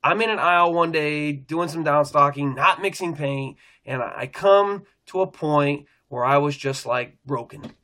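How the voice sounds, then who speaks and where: A man's voice: fairly high pitch, a little slow, hardly any pauses, pushed and bright. A middle-aged man, a pastor, telling a personal faith testimony in an earnest, rambling way, often restarting his sentences.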